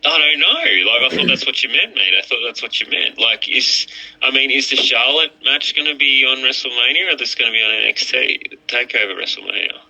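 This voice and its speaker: A man's voice: medium pitch, animated, a little fast, creaky, bright, forceful tone. A man chatting crudely as a podcast guest, often stammering and restarting. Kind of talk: casual podcast chat. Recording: lo-fi muffled mic.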